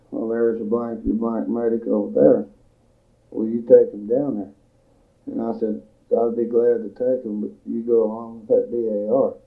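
Older man with a gravelly voice on tape. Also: medium pitch. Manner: plain-spoken storytelling, measured with pauses. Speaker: veteran giving oral history. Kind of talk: recorded oral history recollection. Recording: tinny lo-fi tape recording.

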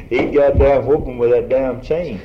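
A man chatting about the past in a halting, hesitant way with many fillers. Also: medium pitch, creaky, dark tone, slight background noise. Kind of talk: casual oral history chat. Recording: roomy, dull old tape recording.

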